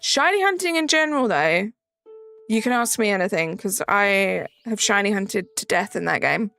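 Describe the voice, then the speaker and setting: A woman's voice: mid-range voice, animated, moderate pace, creaky, bright, forceful tone, faint music behind. A woman with a Southern English accent, hosting a live stream in casual chat, greeting viewers by name and reading the chat aloud. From south of England.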